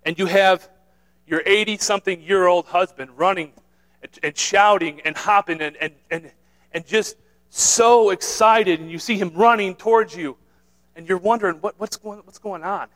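A man's voice: high voice, moderate pace, fairly bright tone, low-quality recording. Earnest man preaching with repeated restarts. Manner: earnest, repetitive, with many restarts and "right?" tags. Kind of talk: sermon.

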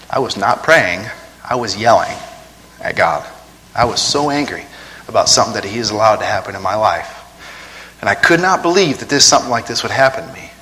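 A man's voice: fairly low pitch, pushed and bright, in a large hall, low-quality recording. A man preaching a sermon in a conversational way, often asking the congregation rhetorical questions.

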